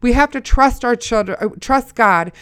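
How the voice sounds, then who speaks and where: Earnest woman, smooth dry voice. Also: on the high side, normal speed, fairly bright tone, dry recording. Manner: earnest, exhorting the audience. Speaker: mother sharing a faith testimony. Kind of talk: Christian storytelling talk.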